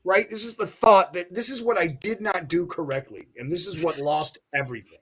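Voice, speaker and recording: A middle-aged man, a podcast guest and actor, telling an anecdote in a casual, animated way, acting out other people's lines as he goes. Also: sits high, a little fast, husky. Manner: animated, acts out quoted people, many restarts.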